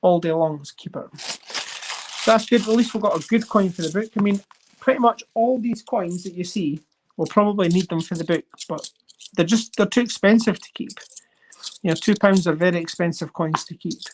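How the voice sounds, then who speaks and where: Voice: mid-range voice, a little fast, background noise. Chatty coin collecting host. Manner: chatty and rambling, excitable over finds. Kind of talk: casual livestream chat while sorting coins.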